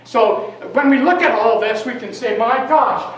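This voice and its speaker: A woman's voice: fairly high pitch, normal speed. A woman giving an informal sermon to a congregation, talking conversationally and putting questions to the audience. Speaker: lay minister giving a talk. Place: church meeting room. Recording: very echoey hall, distant mic.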